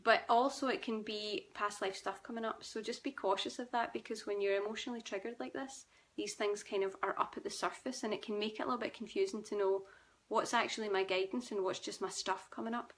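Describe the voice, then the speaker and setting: A woman's voice: medium pitch, fairly even intonation, a little fast, a bit bright. A young Scottish woman hosting a live stream, reading viewer comments and answering them in a chatty, reassuring way. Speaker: host.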